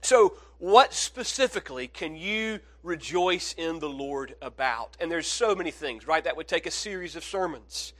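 Higher-voiced male pastor preaching earnestly. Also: lively intonation, normal speed, few pauses. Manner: earnest, swings from hushed to emphatic. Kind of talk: sermon.

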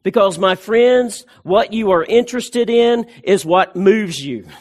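A male pastor with a high-pitched voice preaches a sermon at a measured pace. He hammers his points, repeating phrases for emphasis and stumbling into restarts along the way.

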